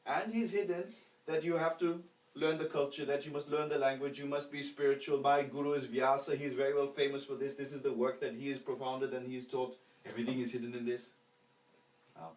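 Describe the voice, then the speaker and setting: A man teaching a spiritual lecture, explaining terms slowly and leading call-and-response recitation while asking rhetorical questions. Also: mid-range voice. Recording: echoey room, voice from a distance.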